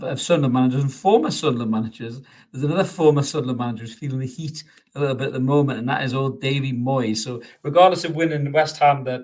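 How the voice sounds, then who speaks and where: A man hosting a casual football podcast. He is chatty and sweary, laughs often and restarts his sentences a lot. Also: mid-range voice. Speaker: podcast host. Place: home studio, podcast.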